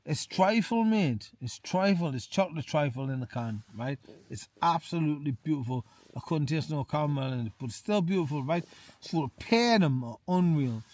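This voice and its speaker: This tipsy Englishman has a highish voice with a bit of background noise behind it. He's an outdoor vlogger giving a casual beer review to camera from a small tent in winter hills, chatty, full of "mate," and prone to repeating himself.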